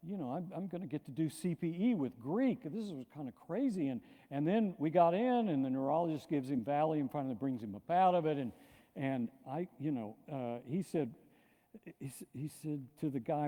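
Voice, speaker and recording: An older man, a pastor, giving a lively, animated storytelling lecture with frequent restarts. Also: a little high, normal speed. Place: lecture hall. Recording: long hall reverb.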